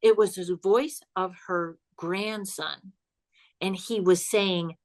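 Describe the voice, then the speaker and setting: A woman's voice: on the low side, slow pace. Chatty woman spinning a ghost story. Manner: animated, chatty, laughs while telling. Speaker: guest, psychic comedian. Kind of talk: casual storytelling chat.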